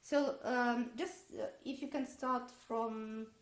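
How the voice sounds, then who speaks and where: A woman's voice: a little high, fairly even intonation, takes it slowly. Woman teacher in a roomy echo. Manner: hesitant with many fillers, sings phrases on da-da syllables. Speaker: violin teacher. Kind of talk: online masterclass instruction.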